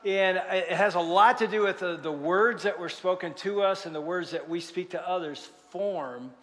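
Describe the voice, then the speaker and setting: A man's voice: sits high, moderate pace, big-room sound. A man preaching a sermon in a large church, telling stories and joking with the congregation. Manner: lively storytelling, jokes with congregation. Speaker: pastor.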